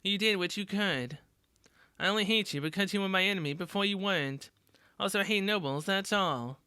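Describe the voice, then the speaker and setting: A blunt, tough-talking teenage girl fighter, voiced by a woman in a story game reading. Her voice is bright and smooth, recorded close and dry. She swears casually and says things straight. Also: mid-range voice, brisk, no room sound, lightly acted. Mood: earnest.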